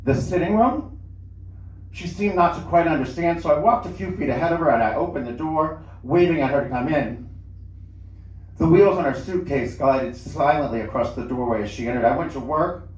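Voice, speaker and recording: A man's voice: a little high, fairly quick, darkish tone. A man reading a first-person story aloud at a live show in a lounge, in a conversational, storytelling way. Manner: conversational storytelling with small restarts. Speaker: reader. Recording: roomy lounge, mic at a distance.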